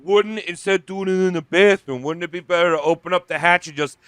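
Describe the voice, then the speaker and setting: A man co-hosting a comedy podcast, pitching goofy, excitable absurd bits. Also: quick pace, clear, resonant tone, dry recording, clean studio sound. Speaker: podcast co-host. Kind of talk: casual comedic banter.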